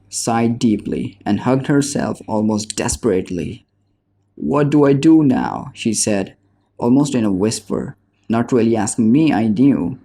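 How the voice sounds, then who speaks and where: Male narrator for a nonfiction audiobook, steady and measured, low and warm.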